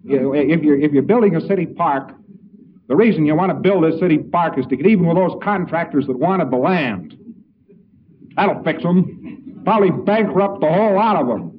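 A man's voice: a little high, expressive, moderate pace, crowd noise. A man giving an informal lecture in a folksy, anecdotal way, acting out both sides of little dialogues. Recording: tinny lo-fi archival lecture recording, distant mic, faint hiss.

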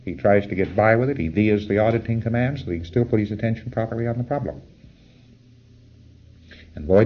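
A man's voice: on the low side, highs cut off. A man giving an informal, rambling spoken lecture in a conversational way. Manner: rambling, conversational, chuckles at his own asides.

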